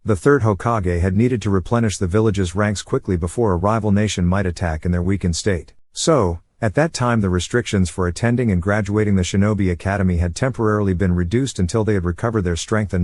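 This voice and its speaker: A man narrating a fan fiction story with steady storytelling delivery. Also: fairly low pitch, no room sound. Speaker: audiobook narrator.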